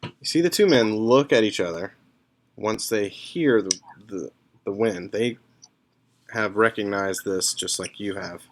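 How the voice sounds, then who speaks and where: Brief: male game master who narrates slowly and pauses often. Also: fairly low pitch. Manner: unhurried, with pauses and fillers.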